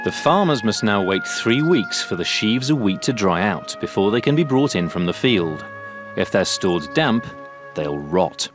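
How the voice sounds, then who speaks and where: A man giving scripted documentary narration in a measured, lightly wry way. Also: fairly low pitch. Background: music.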